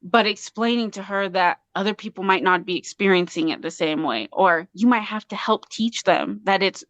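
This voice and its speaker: A woman's voice: medium pitch, normal speed, fairly bright tone, no room sound. A woman from Colorado, a guest on an interview show, talking earnestly and passionately with many restarts. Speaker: guest artist and mother. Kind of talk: casual interview talk.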